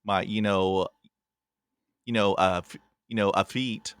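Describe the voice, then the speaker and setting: A man's voice: fairly low pitch, a little slow, smooth, dry recording. Guy with a stutter hosting a podcast, chatty storyteller, dry close sound. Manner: animated storyteller, often addresses the guest by name. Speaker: podcast host. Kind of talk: casual interview chat.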